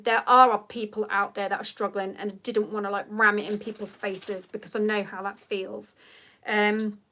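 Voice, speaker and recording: A woman's voice: medium pitch, fairly bright tone. A woman, chatting casually at home as host of a livestream, rambling with lots of ums. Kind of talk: casual live chat reading comments.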